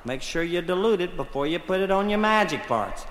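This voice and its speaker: A man's voice: high-pitched, animated, brisk, fairly bright tone. A man from Texas telling a rambling comic story on a concert stage, folksy and full of asides. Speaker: folk singer and storyteller. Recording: live hall with long reverb, faint music.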